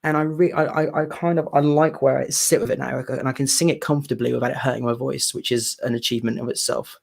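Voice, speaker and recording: A man, hosting a casual live chat about singing theatre songs, talking quickly with frequent restarts. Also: mid-range voice, fairly even intonation, gravelly. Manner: chatty, many restarts. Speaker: theatre singer and channel host.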